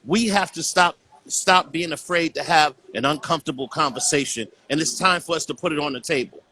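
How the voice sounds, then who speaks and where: An earnest man speaks as a guest in a casual conversation over a call. His voice is bright and forceful and sits a little high. He keeps coming back to "you know what I'm saying". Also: fairly quick.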